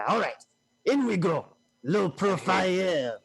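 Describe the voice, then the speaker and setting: Playful male tabletop player, husky, lively delivery. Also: a little high, normal speed. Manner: playful and theatrical. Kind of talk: playing a tabletop game.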